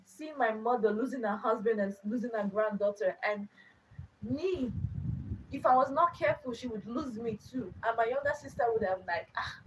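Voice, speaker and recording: A woman's voice: a little high, far from the mic, a little hiss or hum, rough recording. A young adult woman hosting her own channel, telling a personal story in an earnest way, repeating phrases for emphasis. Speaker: channel host.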